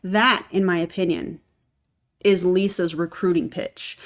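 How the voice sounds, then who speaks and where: A woman with a slightly low voice delivering reaction commentary. She cuts in with sarcastic, exasperated asides and pushes back on what she hears. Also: fairly even intonation, moderate pace.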